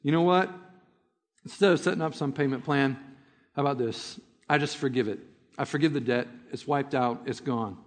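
A man voicing a stern, wealthy male business boss who speaks low and quiet. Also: normal speed, in a large hall, natural voice. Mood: forgiving.

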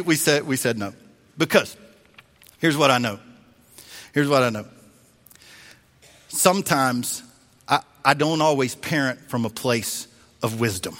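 A man preaching a sermon as a pastor, telling a story in an animated way and acting out the voices he quotes. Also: on the high side. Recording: long reverb of a large hall.

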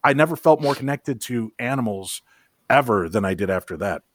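A man as a podcast guest in casual chat, telling a story with excitement and often repeating words as he goes. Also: medium pitch, brisk, dry recording.

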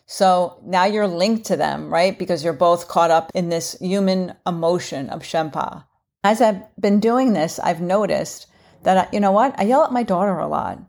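A woman's voice: on the low side, a little mellow. A middle-aged woman hosting her own podcast, talking in an earnest, repetitive, self-reflective way. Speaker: podcast host. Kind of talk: casual solo podcast talk.

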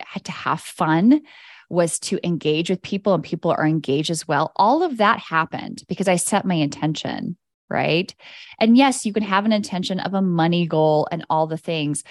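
A woman's voice: fairly low pitch, no echo, studio quality. A woman hosting a podcast as an energy coach, talking in a casual, candid monologue. She swears freely and laughs often.

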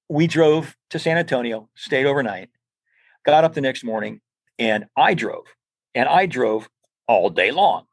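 An older man answers interview questions by telling long, rambling stories, often restarting and repeating words. His voice is gravelly and a little husky. His pitch rises and falls a lot, and the sound is close and dry. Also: no echo. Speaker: interview guest. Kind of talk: casual storytelling.

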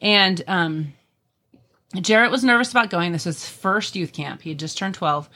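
A woman's voice: on the low side, moderate pace, bright, forceful tone. A middle-aged woman telling family stories in a casual, earnest conversation, with many ums. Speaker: podcast guest.

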